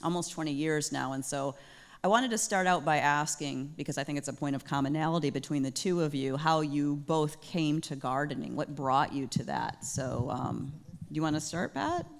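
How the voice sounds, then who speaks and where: A woman's voice: low voice, moderate pace, gravelly. A woman from Michigan moderating a talk on a theater stage, chatty and laughing, with frequent restarts, into a handheld microphone. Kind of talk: casual onstage moderation.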